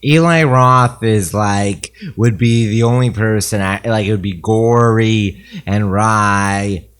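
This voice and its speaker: A young man co-hosting a podcast in casual chat, dropping dry, deadpan one-liners. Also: lowish voice, slow, smooth. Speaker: podcast co-host.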